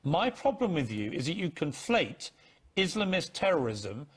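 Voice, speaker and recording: A male TV presenter in a studio pushes his guest with pointed, interrupting questions during a heated live debate. His voice sits a little high for a man and carries a slightly husky edge. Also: very animated, normal speed. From Sussex, England. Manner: pressing, cuts in with pointed questions.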